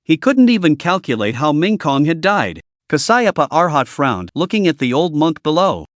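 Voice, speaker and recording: A man reads a fantasy recap in a dramatic, scripted storytelling style. His voice sits a little high for a man and swings widely in pitch, and the recording is dry and close. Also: very animated, moderate pace, few pauses, no echo. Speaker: narrator. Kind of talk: scripted narration.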